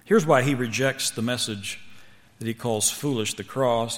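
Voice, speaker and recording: Fiery preacher in a booming hall. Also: male voice, moderate pace. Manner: emphatic, rhetorical questions to the audience. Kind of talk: sermon to students. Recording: long reverb of a large hall.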